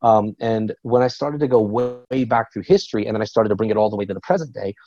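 A man who works as a business coach, talking as a podcast guest in a quick, energetic way and telling stories with a lot of animation. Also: lowish voice, dry recording, dull audio. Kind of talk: podcast interview.

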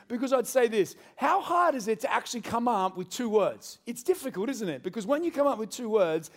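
A man preaching a sermon to a church congregation, animated and joking with the crowd. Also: sits high. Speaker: pastor.

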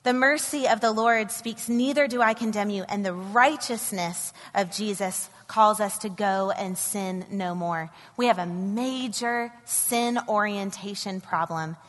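A woman's voice: fairly high pitch, fairly bright tone. A woman preaching a sermon, earnest and rising to emphatic bursts. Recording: long hall reverb.

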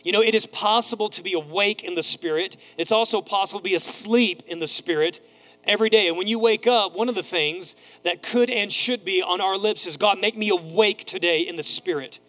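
A man in his thirties preaching a sermon as pastor, telling animated stories and acting out voices. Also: sits high, brisk, soft background music.

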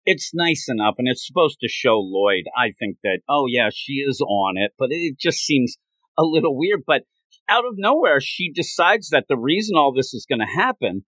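A man's voice: mid-range voice, dry recording, rough recording. A man hosting a podcast, chatting casually about a comic and acting out its lines with laughs. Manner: animated retelling with quick acted quotes and laughs. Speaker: podcast host. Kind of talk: casual manga discussion.

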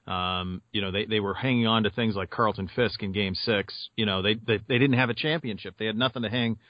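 A man from Montana, co-hosting a sports podcast and telling rambling stories in a casual, animated way. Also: on the low side, fairly quick, no room sound, muffled recording. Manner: animated storyteller, rambling with fillers. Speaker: podcast co-host and sports radio host.

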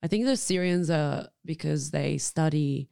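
A young woman from Lebanon talks animatedly in a casual interview, swearing freely and acting out what people said. Her voice sits a little low, and the recording is close and dry with no room sound. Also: a little slow, creaky, clean tone, no room sound. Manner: animated, swears often, acts out quotes. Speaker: guest actor.

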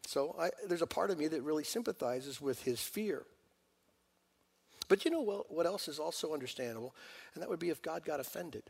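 A male pastor preaching a sermon in an animated way, swinging between loud urging and quiet, intimate asides. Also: a little high, a little fast, vocal fry, breathy edge.

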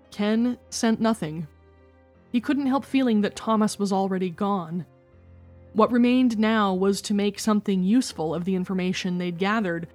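Woman reading a spooky story podcast, calm and even, soft music under. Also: medium pitch. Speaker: podcast narrator. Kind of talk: scripted storytelling narration.

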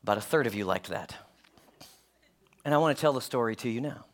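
A man preaching a sermon, animated, acting out voices as he reads a children's story to his congregation. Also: mid-range voice, fairly quick. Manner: animated, acts out story voices, swings loud to hushed. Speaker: pastor.

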